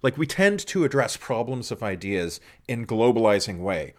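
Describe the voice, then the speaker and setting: A man's voice: medium pitch, big pitch swings, normal speed. A man talking casually as a guest scholar, profane and self-mocking, telling stories with plenty of swearing. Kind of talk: casual conversation.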